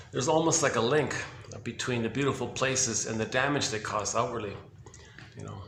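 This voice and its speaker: A man talks his thoughts through in a loose, rambling monologue, circling back and restarting his sentences. His voice sits at a middle pitch and bounces around an echoey indoor space, with faint ambient hum behind it. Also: unhurried, vocal fry, fairly bright tone. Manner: rambling, repetitive, full of restarts and asides. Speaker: self-help commentator. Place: indoor building with hallway and rooms.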